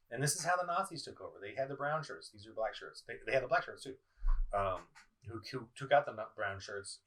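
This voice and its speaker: A middle-aged man rants at home, his voice bright and pushing hard as he accuses his listeners. He stumbles over words, restarts and repeats phrases. He sits a little way back from the mic, so the sound has some distance. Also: mid-range voice. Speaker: political vlogger. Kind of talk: ranting video commentary. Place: indoors at home, in front of a screen. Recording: voice somewhat far from the mic.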